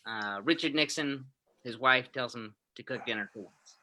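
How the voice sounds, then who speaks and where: Bright-voiced halting stand-up comedian man. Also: mid-range voice, poor audio. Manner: halting, self-amused delivery with frequent restarts.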